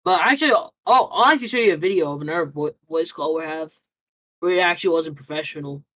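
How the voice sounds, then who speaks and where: A man's voice: fairly high pitch, fast, sharp tone, slight background noise, low-quality recording. A young man answering interview questions casually, rambling through a story with lots of fillers and restarts.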